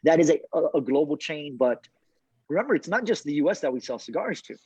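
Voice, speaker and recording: A man talks from his car as an interview guest, animated and laughing often, often repeating his words. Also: fairly high pitch, racing, slightly rough, no echo. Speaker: cigar brand founder, guest. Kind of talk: casual interview chat. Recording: dull dry remote call audio.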